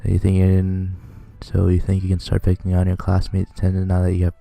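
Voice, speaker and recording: A man's voice: deep voice, monotone, quick pace, vocal fry, dark tone, no room sound. A man casually commentating a game he plays, rambling and reading its text aloud. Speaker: let's play commentator.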